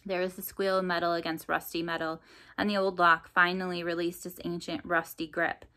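Woman narrator, low-pitched, expressive storybook reading. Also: brisk. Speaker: audiobook narrator.

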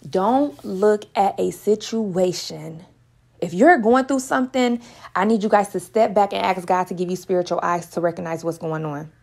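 A woman's voice: medium pitch, moderate pace, gravelly, a little mellow. A woman in her own talk giving earnest, emotional spiritual encouragement. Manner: earnest, repetitive, emotional, sometimes near tears. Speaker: online Christian speaker.

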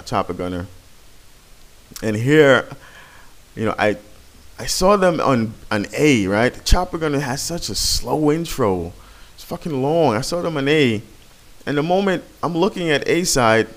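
A man's voice: fairly low pitch, lively intonation, moderate pace. A man talking over his gameplay footage in a casual, rambling, profane way. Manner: rambling and profane, with frequent restarts. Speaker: gameplay commentator.

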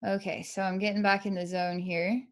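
Guiding a client through energy healing, a female psychic speaks softly at a moderate pace, her mid-range voice level and frequently interrupted by sighs. Her account of her visions is dreamy and repetitive.

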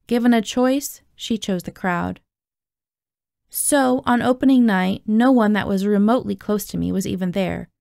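A woman reads a novel aloud in an expressive first-person narration. Her voice is gravelly, with a mid pitch. The sound is dry and close. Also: moderate pace, no echo. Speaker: audiobook reader.

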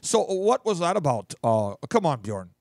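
A man's voice: a little high, sing-song, moderate pace, a little mellow, no room sound, clean studio sound. A man doing a folksy Minnesotan guy.

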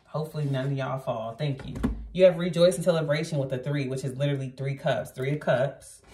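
A woman with a low voice gives a casual tarot reading indoors at night. She talks to her viewers in a blunt, chatty way and swears freely. The sound is roomy and echoey, and she sits a bit back from the mic. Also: recorded from a distance, slight background noise. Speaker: tarot reader.

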